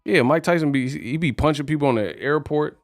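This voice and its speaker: Brash young man running a boxing vlog, slangy and mouthy, fairly high voice, dry close sound with faint music. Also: fairly quick, no room sound. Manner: brash, slangy trash talk. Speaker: boxing news vlogger. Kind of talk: casual commentary vlog.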